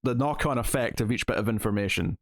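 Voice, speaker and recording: A man's voice: mid-range voice, fast talker, no room sound, clean studio sound. A man co-hosting a podcast, reviewing a TV episode in a casual, chatty way, retelling scenes as he goes. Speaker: podcast co-host.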